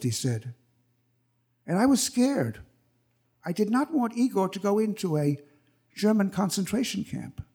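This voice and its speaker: A man's voice: sits high, sing-song, a little slow, pauses often, darkish tone, slightly rough. A man in his eighties telling a personal story on stage at a live event, vivid and acting out the people in it. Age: 80s.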